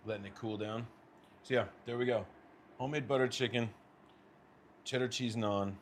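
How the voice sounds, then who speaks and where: A cooking vlogger, a young US man, chats casually with his partner and his audience as he plates food in his home kitchen. His mid-range voice holds a steady tone at a moderate pace, and there's slight noise in the background.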